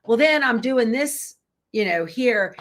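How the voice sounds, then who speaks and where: A woman's voice: a little high, expressive, slow pace. A middle-aged woman hosts a quilting channel, chatting casually and folksily with her live-stream viewers and reading out their comments.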